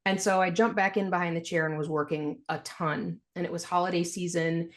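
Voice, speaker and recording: A woman, a podcast guest, telling her story in a frank, animated way and laughing through hard memories. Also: lowish voice, brisk. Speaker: podcast guest, financial planner. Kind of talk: candid storytelling interview.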